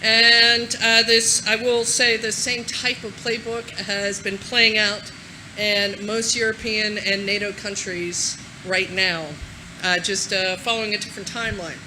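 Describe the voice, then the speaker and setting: A woman giving a casual, energetic conference talk to a live audience, swearing freely. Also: mid-range voice, measured pace, a little hiss or hum, low-quality recording. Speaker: conference speaker.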